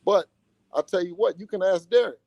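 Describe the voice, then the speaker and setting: A man talking casually in an interview as a boxer's father and manager, animated and slangy, often repeating himself. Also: high voice, brisk, vocal fry, no echo, dull audio.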